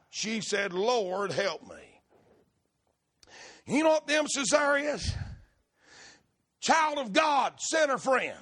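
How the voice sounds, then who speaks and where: High-pitched shouting preacher man. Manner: fervent, rhythmic preaching with repeated phrases. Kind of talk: shouted revival sermon.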